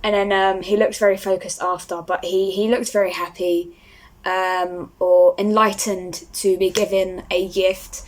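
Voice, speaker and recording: A young woman chats to her camera, rambling and starstruck, with plenty of ums. Her voice sits at a middling pitch. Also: level tone, unhurried. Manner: rambling, starstruck, many fillers. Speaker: vlogger. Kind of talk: casual talk to camera.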